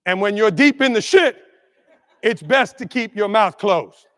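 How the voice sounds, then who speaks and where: Animated man speaking in a reverberant hall. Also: sits high, unhurried, a little hiss or hum. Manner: animated storyteller, asks the audience questions. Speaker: keynote speaker. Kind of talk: energetic keynote talk with jokes. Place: large conference hall.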